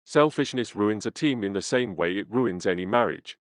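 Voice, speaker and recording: Low-voiced man reading a memoir. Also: expressive, moderate pace, dry recording, clean studio sound. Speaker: audiobook reader. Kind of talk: first-person memoir narration.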